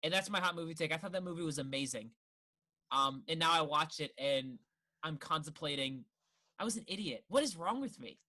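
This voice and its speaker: A young man co-hosts a casual film podcast. His voice is bright and forward. He rambles, swears freely and jumps into exaggerated voices to act out the scenes he describes. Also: on the high side, lively intonation, a little fast. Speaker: podcast co-host.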